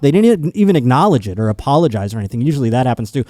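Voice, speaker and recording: Profane, mellow-voiced male podcast host. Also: mid-range voice, rapid-fire, no echo, studio quality. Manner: profane, animated storytelling with impressions. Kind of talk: casual comedic monologue.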